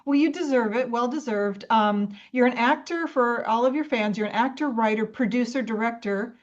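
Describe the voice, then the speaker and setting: A woman with a fairly high voice hosts an interview show and heaps warm praise on her guest. Her audio sounds dull and lo-fi, with the top end cut off. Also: moderate pace. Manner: effusive, gushing praise. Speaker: host. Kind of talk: interview host chat.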